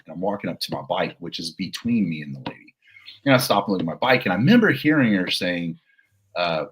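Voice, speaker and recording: A middle-aged man with a deep, husky voice tells stories as a podcast guest. He rambles from one anecdote to the next in a relaxed, joking way. His stories are told like a cop's war stories. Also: brisk. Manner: rambling, jokey anecdotes with laughs. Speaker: podcast guest, police officer. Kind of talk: storytelling interview.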